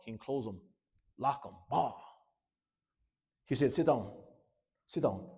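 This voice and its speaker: A man telling his life story to students in a plain-spoken, earnest way. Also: on the high side. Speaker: motivational speaker. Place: school.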